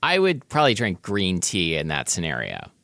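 A playful man co-hosting a podcast, joking his way through casual chat with plenty of fillers. His pitch swings widely and the sound is dry and close. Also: huge pitch swings, normal speed, a bit bright, dry recording. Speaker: podcast co-host.

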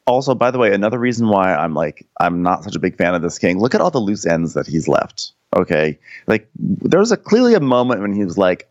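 Deep-voiced man, dry lo-fi mic. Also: big pitch swings, fairly quick, dry recording. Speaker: podcast co-host recapping a TV episode. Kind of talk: casual comedic recap chat.

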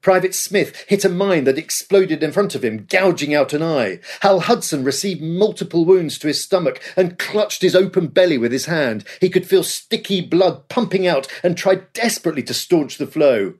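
A man's voice: a little high, lively intonation, moderate pace, hardly any pauses. A man reading scripted history narration with a dramatic storytelling delivery. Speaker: podcast host.

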